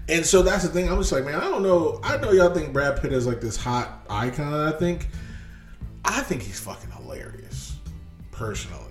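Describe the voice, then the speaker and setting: A man chatting casually about movies in an animated, profane way, acting out scenes as he retells them. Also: a little high, normal speed, faint music behind.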